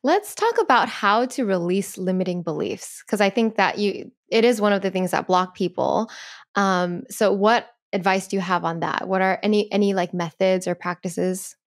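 A woman hosting a podcast interview, asking relaxed, curious questions with casual fillers. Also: mid-range voice, normal speed. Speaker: podcast host.

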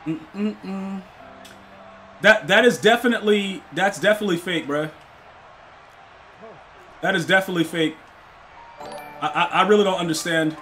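A young man streaming a football video game live, chatting with his viewers, excitable and slangy, often repeating himself. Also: sits high, normal speed, long pauses, soft background music.

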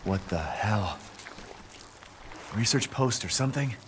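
An actor playing an angry, desperate young husband in a video game who curses and snaps in short bursts. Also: male voice, fairly low pitch, expressive, takes it slowly. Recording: game audio with noise under it.

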